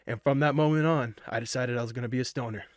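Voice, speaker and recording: A man's voice: mid-range voice, fast talker, dry recording, studio quality. A young man casually telling a personal story, rambling and swearing a lot, full of fillers, wired on energy drinks. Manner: rambling and profane, with many fillers.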